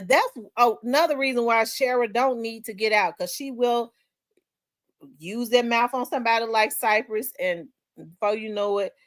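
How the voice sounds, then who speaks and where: A woman with a Memphis Southern accent, hosting a livestream in casual chat, rambling and repeating herself and quick to laugh while she reads viewer comments. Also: medium pitch, dry recording, clean studio sound. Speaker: livestream host.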